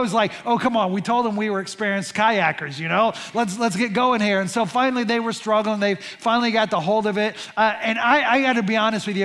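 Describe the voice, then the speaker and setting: High-voiced pastor telling a story in a hall. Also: male voice. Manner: animated, conversational with many restarts and fillers. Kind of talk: storytelling sermon. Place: large church hall. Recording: long hall reverb.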